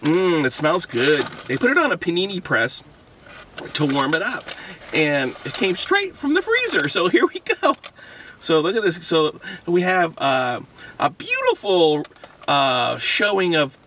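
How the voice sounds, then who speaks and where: A man hosting a casual food review vlog, talking in a goofy, rambling, excitable way. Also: fairly high pitch, measured pace, distant mic, slight background noise.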